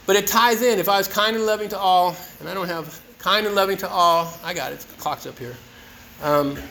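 A man's voice: high voice, gravelly, fairly bright tone, slight background noise, low-quality recording. A man telling his own recovery story at a meeting, casual, earnest, and joking. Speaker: speaker sharing at a recovery meeting. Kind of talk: personal recovery share.

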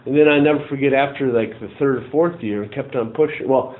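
A middle-aged man telling his recovery story in a rambling, halting way, full of restarts. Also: medium pitch. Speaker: recovery meeting speaker. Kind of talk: personal testimony. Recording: tinny phone-like audio.

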